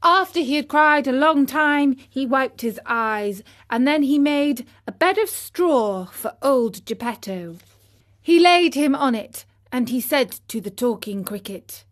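A woman reading a children's storybook aloud in a gentle, expressive way. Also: sits high, measured pace. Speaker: narrator.

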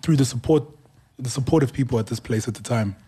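A man, a radio host telling stories in casual studio chat, animated and laughing often. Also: medium pitch, quick pace, breathy edge.

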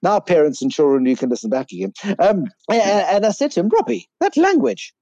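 Wry man with a mellow voice. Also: a little high, fast talker, no room sound, highs cut off. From South Africa. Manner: wry, animated storyteller. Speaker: author and business broadcaster. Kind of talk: podcast interview answers.

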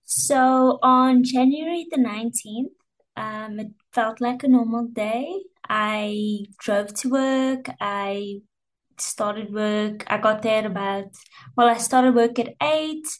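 A woman's voice: fairly high pitch, takes it slowly, low-quality recording. A young woman, a guest, telling a personal story in a candid, emotional way. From South Africa. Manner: emotional, candid, repeats words and fillers.

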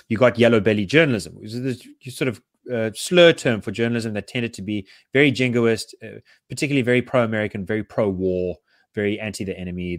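A man's voice: mid-range voice, dry recording, studio quality. A man chatting casually on a podcast, rambling with lots of restarts as he explains. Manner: rambling, many fillers and restarts. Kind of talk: casual chat.

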